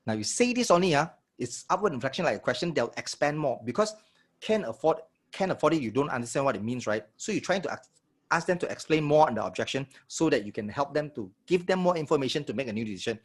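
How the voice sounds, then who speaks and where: Man, sales trainer, live online workshop, husky, energetic, medium pitch. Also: fast talker. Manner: energetic, checks in with audience often.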